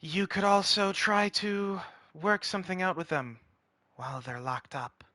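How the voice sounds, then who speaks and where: A man's voice: high voice, animated, measured pace, sharp tone, no echo. A man playing a tabletop role-play game, talking bluntly and dryly in character. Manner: blunt, dry, matter-of-fact. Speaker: player.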